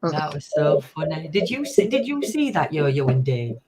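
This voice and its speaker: A woman's voice: deep voice, very animated, moderate pace, a loud crowd. A woman hosting a casual late-night chat, giggly and hyper, telling rambling stories. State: sugar-hyper and giddy. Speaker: livestream host.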